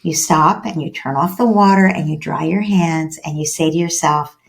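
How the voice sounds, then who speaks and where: A woman parenting expert talks as a guest on a podcast. Her delivery is animated. She slips into short acted-out exchanges between parent and child. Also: sits low, normal speed, gravelly. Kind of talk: podcast interview.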